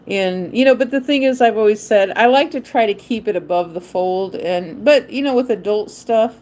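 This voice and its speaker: A woman's voice: medium pitch, normal speed, a little mellow. A woman hosting a live stream, chatting in a rambling way and laughing often. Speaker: livestream host. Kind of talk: casual live-stream chat.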